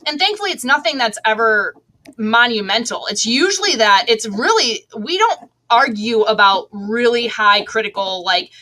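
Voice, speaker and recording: A woman's voice: a little high, animated, moderate pace, sharp tone. A middle-aged woman, an online seller, talking casually as an interview guest with a chatty, laughing manner and many restarts.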